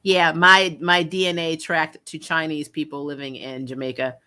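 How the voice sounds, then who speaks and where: A woman's voice: sits low, flat delivery, moderate pace, pushed and bright, clean tone. A woman hosting a casual livestream chat, talkative and laughing often, with frequent ums. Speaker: host.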